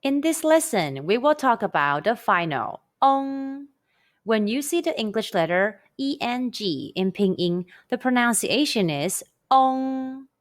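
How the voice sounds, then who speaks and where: A woman teaching a scripted pronunciation lesson, saying sounds slowly and carefully for the listener to repeat. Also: fairly high pitch, sing-song. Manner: slow, careful, model pronunciations. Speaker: Chinese language teacher.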